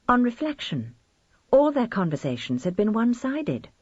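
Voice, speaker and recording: A woman narrating an audiobook in a measured, expressive storytelling manner. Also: a little high, slightly rough, no echo. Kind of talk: scripted narration. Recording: slightly dull lo-fi recording.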